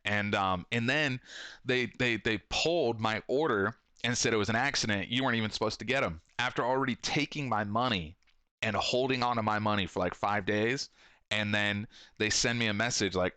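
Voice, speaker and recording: Man, 30s, low pitch, bright tense tone, dry sound, rambling, profane, acts out quotes. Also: normal speed, smooth, no room sound. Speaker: podcast host and shop owner. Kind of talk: casual profane monologue.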